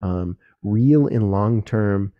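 A man's voice: on the low side, drawn-out words, phone-quality sound. A young man hosting a solo podcast, talking earnestly and directly to other men, casual and with some swearing. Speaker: podcast host.

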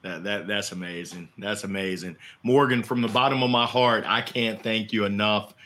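Bright, effusive man hosting a live show. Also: lowish voice, fairly even intonation, moderate pace. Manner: enthusiastic and effusive, with catchphrases. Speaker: podcast host. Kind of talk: live show interview wrap-up.

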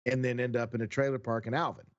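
A man co-hosting a podcast in casual chat, excitable and quick to jump in with his own stories. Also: medium pitch, lo-fi sound. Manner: excitable, jumps in to retell stories. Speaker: podcast co-host.

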